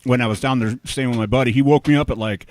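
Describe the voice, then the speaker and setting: A man's voice: mid-range voice, fast talker, darkish tone. Man telling a rambling story. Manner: rambling, full of "like". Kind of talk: casual storytelling.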